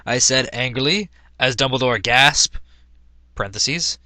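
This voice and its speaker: A man's voice: mid-range voice, expressive, moderate pace, pushed and bright, no echo. A man reading a badly written story aloud in a mock-dramatic, sarcastic way, with laughing asides. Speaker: comedic reader.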